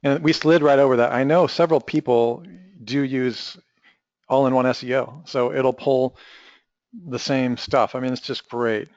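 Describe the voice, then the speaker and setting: A man's voice: medium pitch, steady tone, moderate pace, darkish tone, no echo. A man hosting a webinar, asking eager questions and praising the product. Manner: enthusiastic, asks questions, praising. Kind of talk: web call chat. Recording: dry, dull lo-fi call audio.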